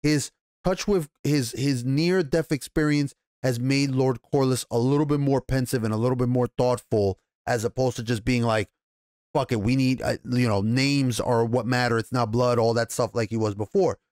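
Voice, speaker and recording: A man giving a casual, rambling TV episode recap and review, excitable and profane, with many restarts. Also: medium pitch, normal speed, no echo, studio quality. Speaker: TV show reviewer.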